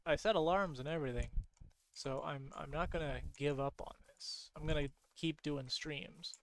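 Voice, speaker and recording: A man giving casual, rambling gameplay commentary late at night, sleepy and yawning, who repeats himself and gets excited easily. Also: mid-range voice. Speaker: streamer.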